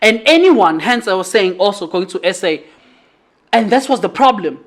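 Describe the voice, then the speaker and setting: A woman's voice: medium pitch, expressive, moderate pace. A South African woman with a South African accent, giving a heated, profane podcast monologue full of rhetorical questions and emphatic repetition. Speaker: podcast host.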